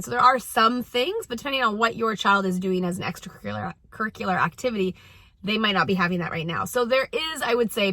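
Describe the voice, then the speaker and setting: A middle-aged woman coaching parents in a relaxed talk to camera. Her voice is bright and forceful, and she stresses and repeats her main points earnestly. The sound is dry and close. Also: mid-range voice, no echo. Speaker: parenting coach and show host. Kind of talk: casual advice talk to camera. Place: at a youth sports practice.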